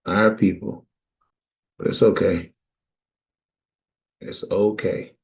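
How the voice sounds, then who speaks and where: A man's voice: on the low side, steady tone, takes it slowly, vocal fry, darkish tone. A man preaching and teaching scripture in an emphatic call-and-response style.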